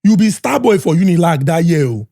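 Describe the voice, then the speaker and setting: A man's voice: fairly high pitch, big pitch swings, a little fast, vocal fry, dark tone, no room sound, clean studio sound. A man with a Nigerian accent hosting a podcast interview, chatty, mixing Pidgin and English. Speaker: podcast host.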